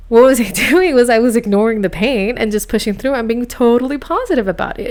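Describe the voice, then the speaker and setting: Woman from miami, bit high voice, chatty podcast host rambling through a story, pokes fun at herself. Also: fast, hardly any pauses, slight background noise. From United States, grew up in Miami. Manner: chatty, animated, self-mocking. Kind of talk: casual storytelling monologue.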